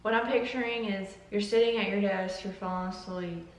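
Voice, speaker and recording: A woman's voice: medium pitch, steady tone, normal speed, roomy sound, far from the mic, poor audio. A young woman hosting a casual vlog, chatty and joking as she tastes coffees and drifts into tangents. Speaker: YouTuber.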